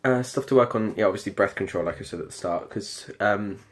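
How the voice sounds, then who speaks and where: Some hiss or hum sits under this casual video diary from a late-teen British performing arts student describing his singing practice. His voice is on the low side and brisk, and he rambles hesitantly, frequently umming and restarting.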